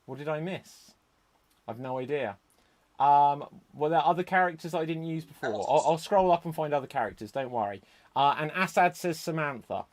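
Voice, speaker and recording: Chatty man hosting a live improv stream. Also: on the high side. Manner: chatty, brisk, self-deprecating. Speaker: host of improv comedy stream.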